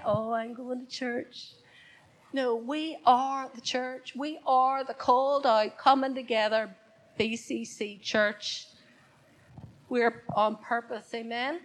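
Woman preacher, off-the-cuff sermon, leans on repeated phrases, voice on the higher side. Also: fairly bright tone, low-quality recording. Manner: unscripted, repeats key words for emphasis. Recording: church service, congregation present.

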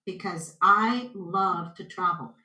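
A woman's voice: fairly low pitch, takes it slowly, highs cut off. A woman with a Canadian accent, a guest telling stories in a casual interview and acting out the voices of the people in them. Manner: animated storyteller, acts out voices. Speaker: guest intuitive. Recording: echoey room.

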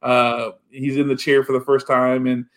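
A man's voice: medium pitch, little pitch movement, normal speed, a bit bright. A man talking casually about a film, with many fillers and restarts. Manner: rambling, full of "you know" fillers. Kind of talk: casual chat.

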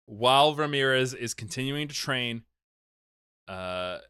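A man's voice: mid-range voice, expressive, a little slow, sharp tone, smooth, no echo, clean studio sound. A man hosting a podcast, casually recapping a film in a rambling way, swearing and acting out the characters' lines.

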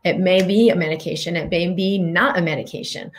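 Middle-aged female wellness coach, earnest and reflective, lower pitch, steady teaching delivery. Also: fairly quick. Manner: earnest, reflective, with guided questions. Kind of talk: teaching talk to listeners.

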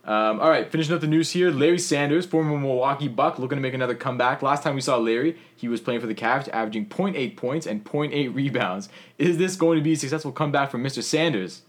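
Male podcast co-host: brisk, upbeat, medium pitch, casual sports chat. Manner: upbeat, laughs often, runs the news segment.

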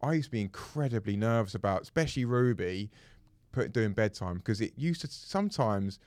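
A man's voice: on the low side, expressive, a little fast, darkish tone, no echo, studio quality. A man in his thirties chatting casually as a podcast co-host, rambling and often restarting his sentences. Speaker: co-host, parent. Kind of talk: casual chat.

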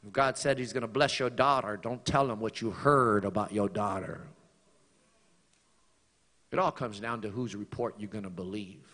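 A man's voice: lowish voice, normal speed, a bit bright, long reverb tail. A man preaching a sermon in a church, building to emphatic, repeated lines. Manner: preaching with swelling emphasis and repetition. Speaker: pastor. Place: church sanctuary.

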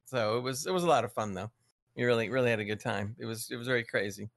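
A man's voice: medium pitch, fast talker, vocal fry, fairly bright tone, no echo, studio quality. A man on a podcast, casually telling a gaming story with chuckles and friendly asides. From United States. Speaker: podcast co-host. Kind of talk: casual chat.

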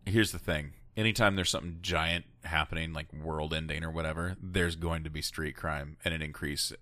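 A man's voice: rumbling low, fairly even intonation, moderate pace, bright, forceful tone, no echo. A man co-hosting a podcast in casual chat, making emphatic points and addressing listeners directly. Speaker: podcast co-host.

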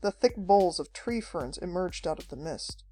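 Mellow-voiced woman reading an adventure story. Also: lowish voice, expressive, normal speed. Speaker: audiobook narrator. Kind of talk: scripted narration. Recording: faint background music.

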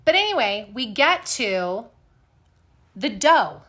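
Woman host, bright forceful voice, higher pitch, blunt animated storyteller who swears. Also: takes it slowly. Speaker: podcast host. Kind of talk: casual storytelling.

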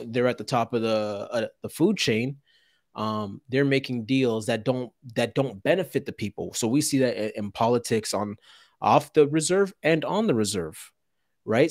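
A male podcast co-host with a mid-pitched voice speaks on a dry, close mic with no room around him. He talks in an animated, emphatic way. He throws out rhetorical questions and repeats words when he gets worked up. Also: dry recording. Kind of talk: podcast conversation.

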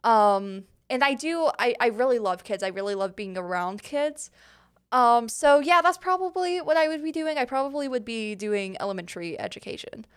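A woman's voice: on the high side, expressive, moderate pace, clean tone. A young woman hosting a podcast, answering listener questions in a rambling, casual chat full of fillers and giggles. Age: young adult. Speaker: podcast host.

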